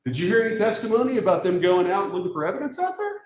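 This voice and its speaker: Male defense attorney in a roomy courtroom, fairly high voice that swings wide, emphatic closing argument. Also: very animated, rapid-fire, a little hiss or hum. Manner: emphatic, rhetorical questions to the jury. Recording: echoey courtroom.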